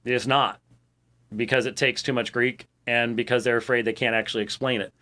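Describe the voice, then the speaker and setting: A man's voice: mid-range voice, little pitch movement, brisk, sharp tone. An American man hosting a ministry program, talking casually and rambling to his audience with frequent fillers and restarts. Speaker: ministry show host. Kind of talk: casual monologue to a show audience.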